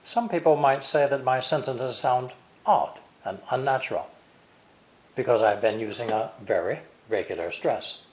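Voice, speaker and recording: An American man teaching English pronunciation, explaining clearly with deliberate, exaggerated stress. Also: medium pitch. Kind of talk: language lesson explanation.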